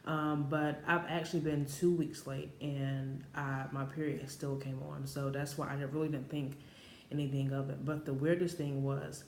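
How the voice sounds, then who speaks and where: A woman in her late twenties, a vlogger, tells a personal story to the camera in a chatty, rambling way packed with filler words. Her voice sits low, with a level tone and a moderate pace. The recording has a roomy echo and faint background noise.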